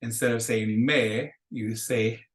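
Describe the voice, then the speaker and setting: A man gives a recorded beginner Spanish lecture. He talks at a middling pitch and walks through the grammar patiently, step by step. He reads example phrases aloud for students to repeat. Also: fairly even intonation, slow, rough recording. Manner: patient, explains step by step, models phrases for repetition. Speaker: Spanish teacher.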